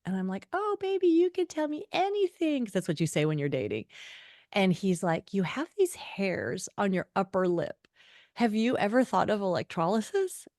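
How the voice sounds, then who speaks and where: A middle-aged woman author appears as a podcast guest in a conversational interview, telling lively stories and performing the voices of the people she quotes. Her pitch is medium and her pace moderate, captured in a dry, clean studio recording.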